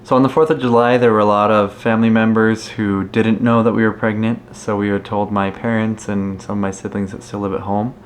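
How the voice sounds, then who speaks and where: A young man recaps family news for a vlog. He explains things plainly, without fuss. His voice sits a bit low, over faint background hiss. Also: little pitch movement, a little fast, hardly any pauses. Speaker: family vlogger. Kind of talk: casual vlog narration.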